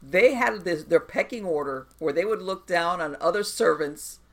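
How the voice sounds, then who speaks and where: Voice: medium pitch, animated, moderate pace. A podcast host who explains hauntings in an emphatic way, with many restarts and asides. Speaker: podcast host and paranormal expert. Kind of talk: casual podcast conversation.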